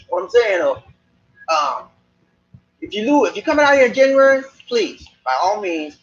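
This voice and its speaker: Chatty Geechee-accented man, lively pitch. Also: lo-fi sound, a little hiss or hum. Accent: Gullah Geechee, Charleston. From Charleston, South Carolina. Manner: chatty, repeats himself, talks to viewers directly. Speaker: live stream host. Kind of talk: casual live stream chat. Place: Philippines, Cebu area.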